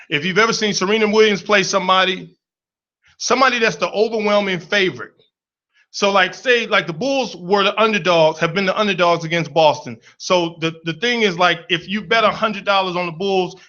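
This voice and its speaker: Bright, high-voiced animated male storyteller. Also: moderate pace, highs cut off. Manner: animated, playful, acts out voices in his stories. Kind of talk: comic personal storytelling.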